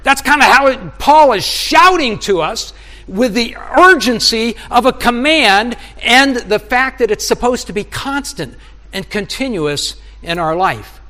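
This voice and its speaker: A man's voice: extremely high pitch, animated, a little slow, sharp tone, big-room sound. A middle-aged male preacher giving an earnest sermon, often acting out his own prayers and conversations with God. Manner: earnest, acts out dialogues with God.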